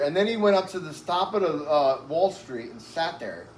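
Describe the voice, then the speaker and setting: A man's voice: on the high side, animated, moderate pace. A man being interviewed, telling a long story in a rambling, profane way, full of "like" and "right?", and a bit short of breath. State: breathless, uses oxygen. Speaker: interview guest. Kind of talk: casual storytelling. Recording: echoey room with faint background noise.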